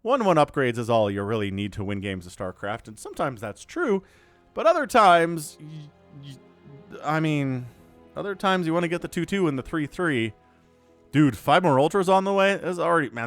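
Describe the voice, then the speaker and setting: A man calls a strategy game match on his own, in an excitable play-by-play with jokey asides. His voice sits a touch high and swings up and down constantly. Faint music runs underneath. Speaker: esports shoutcaster. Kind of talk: solo game commentary.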